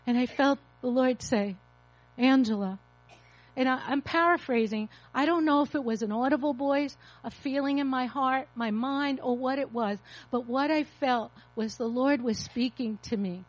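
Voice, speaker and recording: A woman's voice: high voice, normal speed, poor audio. A woman in her fifties, a pastor, preaching an emotional, confessional testimony. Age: 50s. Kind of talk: sermon testimony.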